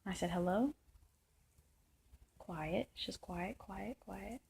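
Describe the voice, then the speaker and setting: A woman's voice: mid-range voice, a little slow, creaky, husky, low-quality recording. A woman vlogging a long, rambling personal story in a frustrated tone, full of fillers and restarts. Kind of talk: casual storytelling monologue.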